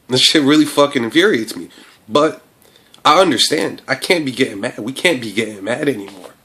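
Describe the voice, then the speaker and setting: A man's voice: medium pitch, a bit bright. A man from the United States giving an impassioned, profane monologue as a vlogger, full of fillers and restarts. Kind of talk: ranting monologue to camera.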